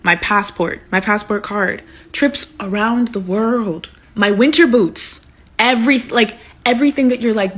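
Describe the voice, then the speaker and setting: Husky woman giving earnest advice. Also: mid-range voice, a little slow. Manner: earnest, urging, talking right to the viewer. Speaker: college advice creator. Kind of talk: direct-to-camera advice.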